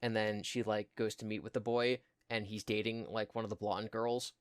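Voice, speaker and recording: A man's voice: lowish voice, level tone, smooth, dry recording, clean studio sound. Chatty man retelling a story. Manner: rambling, lots of "like", quick mocking quoted voices. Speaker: podcast co-host. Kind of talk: casual chat, retelling a story.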